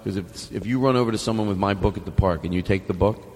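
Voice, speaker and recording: A man's voice: lowish voice, fast, a little mellow, in a large hall. A man hosting a podcast, rambling through a silly, mock-grand sign-off with swearing asides. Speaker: podcast host.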